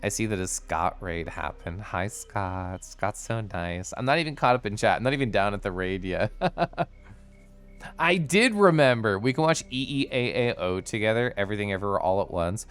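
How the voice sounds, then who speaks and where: Chatty male streamer, bubbly and giggly, very expressive pitch, smooth clear voice. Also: normal speed. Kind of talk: casual livestream chat over gameplay.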